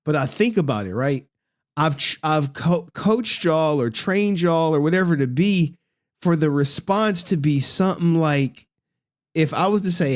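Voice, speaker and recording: A man's voice: a little high, lively intonation, unhurried. A man live-streaming, chatting loosely with his viewers in slangy talk and laughing often. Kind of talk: casual live-stream chat.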